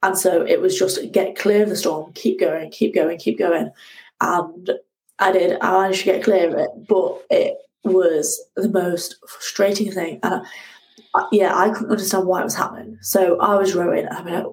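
A woman, a guest telling her ocean rowing story in a lively conversational way. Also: on the low side, moderate pace, poor audio. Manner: animated, acts out shouting at the sea.

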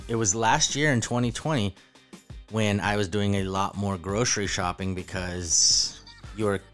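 A man's voice: on the low side, fairly even intonation, normal speed, a bit bright, soft background music. A man co-hosting a podcast, playful in banter and then explaining things earnestly in a casual way. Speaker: podcast co-host.

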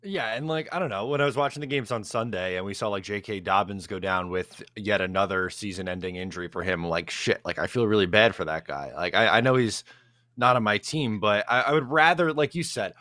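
A man with a fairly low voice co-hosting a casual sports talk show, rambling with lots of "like" fillers. The sound is dry and close. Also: brisk, bright, forceful tone, no echo. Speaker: co-host.

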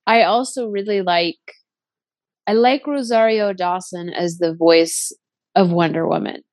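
Female co-host, lower voice, thoughtful and hesitant, dry close sound. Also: fairly even intonation, a little slow, darkish tone, no room sound. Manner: hesitant, thoughtful, many fillers. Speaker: podcast co-host. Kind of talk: casual chat.

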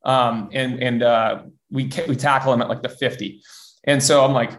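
A man's voice: mid-range voice, fairly even intonation, moderate pace, fairly bright tone. A young man who played college football, telling a story in a casual interview, rambling with many fillers and restarts. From US West Coast.

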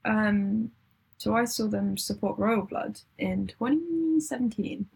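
Woman co-host, husky tone, casual rambling music chat with frequent laughs. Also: medium pitch, lively intonation, slow, darkish tone. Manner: rambling, self-interrupting, laughs often. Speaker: podcast co-host.

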